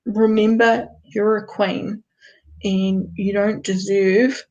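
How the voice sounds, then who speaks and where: A woman's voice: medium pitch, little pitch movement, slow, a little mellow, highs cut off. A woman with a New Zealand accent giving card readings to viewers in a chatty, direct way, firing off rhetorical questions. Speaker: card reader. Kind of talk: live-stream card reading.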